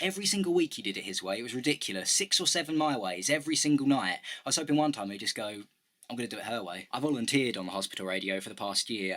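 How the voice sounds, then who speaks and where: A man's voice: medium pitch, sharp tone. A man giving a comic storytelling monologue in a wry, dry delivery.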